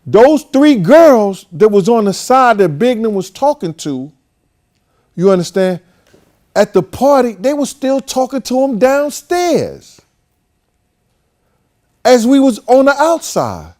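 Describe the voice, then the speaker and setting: High, animated male storyteller. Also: slow, long pauses. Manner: animated, profane, acts out the voices of people in the story. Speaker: host. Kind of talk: casual storytelling.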